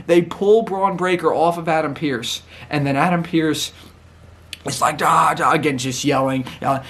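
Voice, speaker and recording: Male wrestling reviewer, slightly raised pitch, casual and animated, voices quotes. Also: moderate pace. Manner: chatty and excitable, laughs often, acts out quotes. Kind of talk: casual recap commentary.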